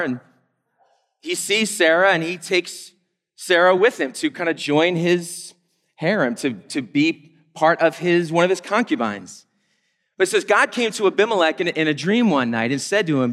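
A man in his thirties preaching a sermon in a casual, conversational way, with lively asides. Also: a little high, long reverb tail. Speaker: pastor.

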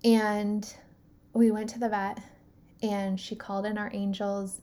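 Woman, 30s, mellow voice, storytelling host who acts out the quotes. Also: medium pitch, a little slow. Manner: animated, filler-heavy retelling with acted-out quotes. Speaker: podcast host. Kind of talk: personal storytelling.

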